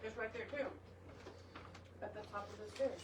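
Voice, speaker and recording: A woman's voice: fairly high pitch, steady tone, normal speed, recorded from a distance, noisy background. A woman who is a ghost hunter, chatting casually and curiously asking questions during an investigation. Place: old hotel interior. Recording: echoey room, off-mic.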